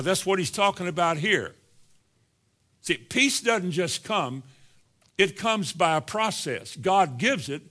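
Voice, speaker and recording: A male preacher delivering a sermon to his congregation, drawing out scripture quotes slowly and swinging from quiet to emphatic. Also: fairly high pitch. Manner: addresses the congregation directly, swinging from soft to emphatic. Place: church in front of a congregation.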